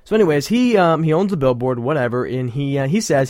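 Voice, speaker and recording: A man's voice: medium pitch, fast, few pauses, a little mellow, no room sound, studio quality. A man hosting a show, giving casual, sarcastic, rambling commentary with frequent laughter. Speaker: podcast host.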